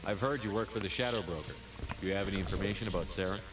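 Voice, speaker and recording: A man's voice: low-pitched, racing, noisy background, lightly acted. An actor playing a terse, determined male military commander in a video game, speaking bluntly and in a businesslike way. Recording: game audio with loud music.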